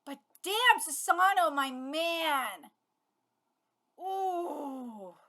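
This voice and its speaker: A woman in her thirties hosting a manga reaction, chatty and excitable, swearing and gushing as she talks. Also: very high voice, moderate pace. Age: 30s. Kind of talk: live reaction commentary. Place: home setup with her cat.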